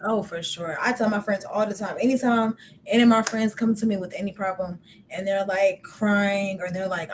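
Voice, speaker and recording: A woman's voice: mid-range voice, steady tone, moderate pace, slight background noise. A young woman hosting a podcast in casual chat, talkative and laughing often, with many "like" fillers. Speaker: podcast host.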